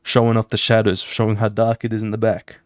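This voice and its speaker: A man who streams his drawing, casually walking viewers through his comic pages with animated, fast talk, swearing and sound effects. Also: on the low side, no echo, clean studio sound.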